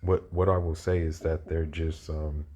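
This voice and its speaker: A man's voice: very deep voice, level tone, measured pace, warm tone, a little hiss or hum. A man reacting to a played video in casual, rambling commentary, often restarting and asking "you know what I mean".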